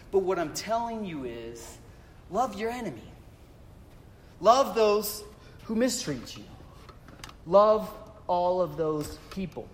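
A man's voice: high-pitched, slow pace, long pauses. Conversational male pastor in a reverberant hall. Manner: conversational, animated storytelling with rhetorical questions. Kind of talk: sermon.

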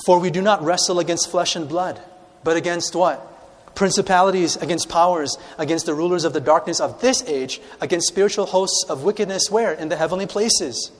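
A man preaching a sermon, reading scripture aloud and putting questions to his congregation in an animated way. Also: sits high, normal speed, long reverb tail. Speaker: pastor.

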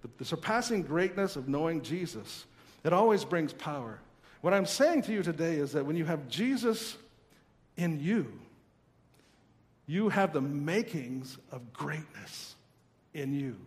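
A man in his thirties preaching a sermon as pastor, earnest and emphatic with pauses, in a large church. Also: a little high, sing-song, long reverb tail.

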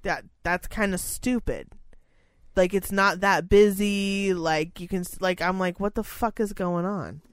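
A young woman telling a story in casual chat, swearing a lot, exasperated and animated, acting out what people said. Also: medium pitch, a little slow, no room sound, studio quality. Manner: swears heavily, animated and exasperated, acts out quotes.

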